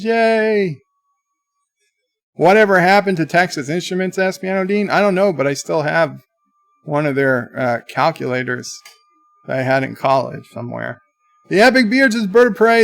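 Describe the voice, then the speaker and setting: A man hosting a livestream, reading viewer chat comments aloud in a chatty, halting way. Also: high voice, creaky. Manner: chatty, halting, with many restarts. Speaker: livestream host.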